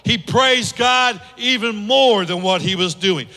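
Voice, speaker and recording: Brief: passionate male pastor, forceful tone, long church reverb. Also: high-pitched, slow, few pauses. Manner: passionate, exhorting, rhetorical questions. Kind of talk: sermon. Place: church sanctuary.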